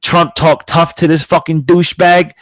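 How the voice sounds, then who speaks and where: A man's voice: level tone, normal speed, a bit bright, no room sound. Blunt, profane male podcast host. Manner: blunt, profane, rambling with many fillers; mocks others in raised, high-pitched put-on voices. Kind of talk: casual opinion monologue.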